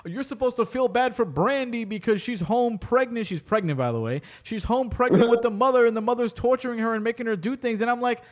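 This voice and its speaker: A man's voice: extremely high pitch, fairly quick, few pauses. A young man hosting a podcast, animatedly retelling a movie in casual chat and acting out the characters' lines. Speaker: podcast host.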